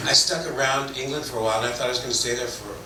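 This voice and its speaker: A man's voice: medium pitch, rapid-fire. A middle-aged man from Toronto, an actor on a convention panel, telling rambling, self-deprecating stories. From Toronto, Canada. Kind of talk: anecdotal storytelling. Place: convention hall. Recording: echoey hall, distant mic, background noise.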